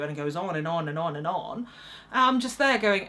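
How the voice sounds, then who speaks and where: Lively, bright-voiced woman telling stories. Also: mid-range voice, moderate pace. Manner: animated, self-mocking and wry. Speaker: actress vlogger. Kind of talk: casual storytelling to camera.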